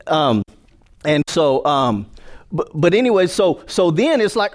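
A man preaches to his congregation in a lively, conversational way, teasing listeners and calling for responses. His voice sits a little high for a man and leaps up and down with great energy. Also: measured pace. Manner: animated, joking, call-and-response with congregation. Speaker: pastor. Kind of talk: sermon.

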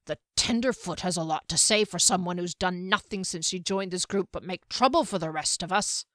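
A woman's voice: lowish voice, normal speed, a bit bright, no echo, clean studio sound, natural voice. A woman voicing a resentful male fighter who speaks in a grumbling, scornful way in a fantasy audiobook.

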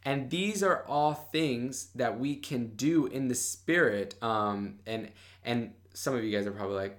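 A man's voice: mid-range voice, measured pace. Passionate young man talking about faith. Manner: passionate and bold, fillers like "like". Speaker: Bible study podcaster. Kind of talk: casual devotional podcast talk.

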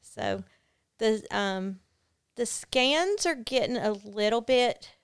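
Interviewed on a podcast, this woman tells her own story in a smooth, high-leaning voice full of animation. She comes across as earnest and frank, with halting fillers along the way.

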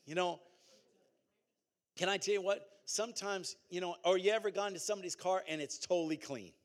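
With a high pitch and a slightly fast delivery, a man preaches as pastor, drawing on call-and-response and repetition in a lively, conversational style.

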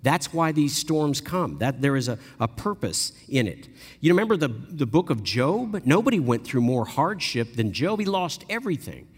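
A man preaching a sermon, telling the story with animated delivery and briefly acting out the people he quotes. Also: on the high side, moderate pace, husky. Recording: long echo of a large hall.

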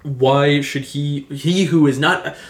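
A man co-hosting a podcast in casual chat, retelling scenes in an animated way and musing on them. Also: fairly high pitch, slow. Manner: animated, reflective storyteller. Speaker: podcast co-host. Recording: echoey room.

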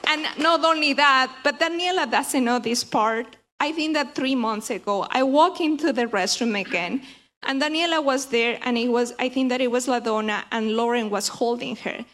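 A woman's voice: high voice, a bit bright. Earnest woman sharing a faith testimony. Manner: earnest, halting with repeated restarts. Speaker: church member sharing testimony. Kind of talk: personal testimony in a group.

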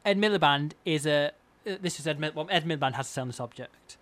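A man co-hosting a comedy podcast with a deadpan, mock-serious delivery. His voice sits a little high, recorded close and dry with no room sound. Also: fast talker, dry recording. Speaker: podcast co-host. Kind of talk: absurd comedy banter.

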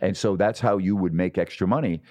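A middle-aged man tells stories from his broadcasting career in a fairly low voice. He talks with animation and slips into the voices of people he quotes. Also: fairly quick. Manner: animated storyteller, acts out quotes. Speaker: guest, sports broadcaster. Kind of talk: storytelling in a podcast interview.

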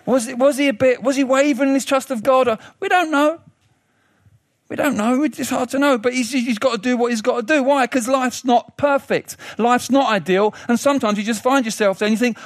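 A high-pitched man preaches a sermon, his voice climbing even higher when he asks questions. He retells a story in an animated way, restarting sentences as he thinks aloud. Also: a little fast.

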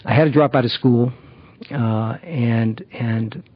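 A middle-aged man giving a halting personal testimony about recovery, full of fillers and restarts. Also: medium pitch, steady tone, slightly rough, muffled recording. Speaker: recovery program member.

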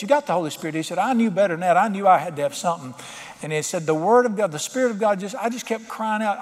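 High-voiced preacher in a reverberant hall. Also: male voice, expressive, quick pace, darkish tone. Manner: storytelling preacher, rising to fervent emphasis. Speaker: pastor. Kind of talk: sermon.

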